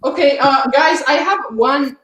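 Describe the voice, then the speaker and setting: A woman's voice: high-pitched, a little slow, roomy sound, background noise. A woman hosting a casual livestream, chatty and often laughing. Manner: giggly, chatty. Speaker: livestream host.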